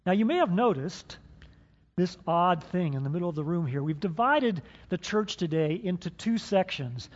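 A man with a high voice delivers a sermon, theatrical and teasing as he draws the congregation into a role-play. The sound is dull and lo-fi, and a long reverb trails his words around the church hall. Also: animated, moderate pace. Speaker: pastor.

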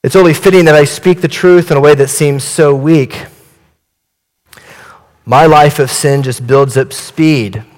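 A male pastor voicing a gentle, grave elderly apostle in a poem reading, dropping his voice low and soft. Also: fairly even intonation, unhurried, pauses often, in a large hall, lightly acted. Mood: solemn.

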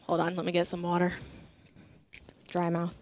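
A woman's voice: fairly low pitch, monotone, normal speed, a little mellow, slight background noise. A young woman giving an earnest sermon, sharing personal stories and reading scripture aloud. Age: young adult.

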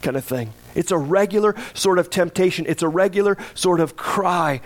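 A man's voice: sits high, moderate pace. A middle-aged man preaching a sermon as pastor, talking to the congregation in a conversational way and acting out pleading cries in a raised voice.

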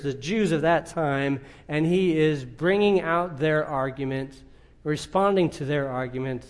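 A male preacher with a slightly raised voice delivers a sermon. He draws out his phrases slowly and presses hard with rhetorical questions. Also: fairly high pitch. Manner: emphatic, rising to rhetorical questions; drawn-out, deliberate phrasing.

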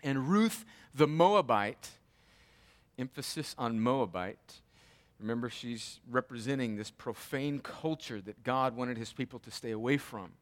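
A man's voice: mid-range voice, normal speed. A man preaching an expository Bible teaching in a conversational way, with asides and restarts. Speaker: pastor.

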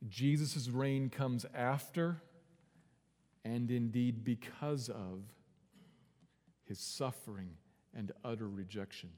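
Man, pastor preaching a sermon, earnest with wide swings in volume, mid pitch, long reverb of a big hall. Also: takes it slowly, pauses often, darkish tone.

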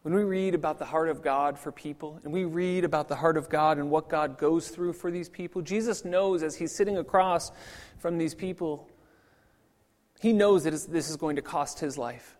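A man's voice: on the high side, moderate pace, a little mellow. A man preaching a sermon as a pastor, in a conversational way with frequent repeated restarts. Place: church sanctuary. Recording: long church reverb.

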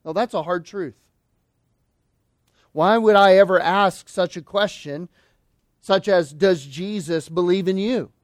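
A man preaching a sermon as pastor, emphatic, slowing down and dropping low on key phrases. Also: dry recording, clean studio sound.

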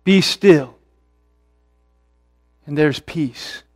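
A middle-aged pastor with a notably high voice delivers his sermon in an earnest, emphatic way. He leans on repetition and slows down on the words he wants to land. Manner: earnest, with emphatic repetition and slow stressed phrases.

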